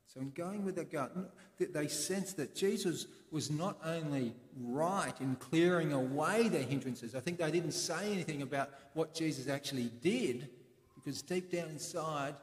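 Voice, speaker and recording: A man preaching a sermon in a church, explaining in a conversational way with pauses. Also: on the high side. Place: church in Sydney. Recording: echoey church with long reverb.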